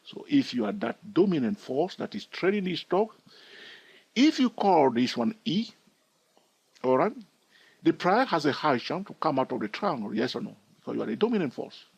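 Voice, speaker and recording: A trading educator walks students through a chart, his fairly high, slightly husky voice very animated and rising and falling a lot at a normal speed. He keeps pausing to ask "all right?", and the sound is dry and close with no room echo.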